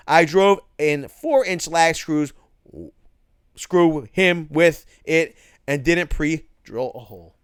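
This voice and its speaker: Animated man reading live chat. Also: on the high side, no echo, studio quality. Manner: animated, reads chat aloud, calls people bro. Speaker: livestream host reading chat. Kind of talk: casual live-stream chat.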